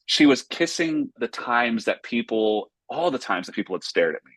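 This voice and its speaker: A man's voice: mid-range voice, lively intonation, moderate pace, a bit bright, no room sound. A man from North Carolina, a pastor and author, telling a personal story earnestly in a casual interview. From Raleigh, North Carolina, US.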